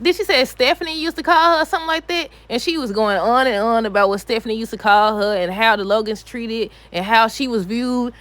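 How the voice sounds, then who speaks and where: A high-pitched woman gives a casual, animated recap of a soap opera with no echo. She talks back to the characters, tossing in exasperated asides.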